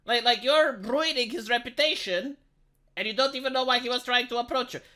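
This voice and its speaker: Sarcastic bright-voiced woman commentator. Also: a little high, fairly quick. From Romania. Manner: dry, mocking, deadpan asides. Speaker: commentary YouTuber.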